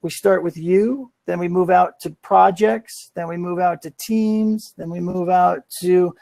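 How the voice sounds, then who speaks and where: A man's voice: sits high, steady tone, measured pace, gravelly, mellow, dry recording. A man hosting a live online community show, talking casually with lots of fillers and an upbeat push. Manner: rambling, filler-heavy, upbeat. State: out of breath. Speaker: podcast host.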